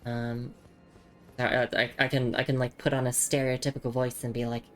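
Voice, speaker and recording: A woman's voice: very deep voice, level tone, moderate pace, soft background music. A young Australian woman with an Australian accent, chatting casually while streaming a game, often stammering and repeating words. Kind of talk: casual live game commentary.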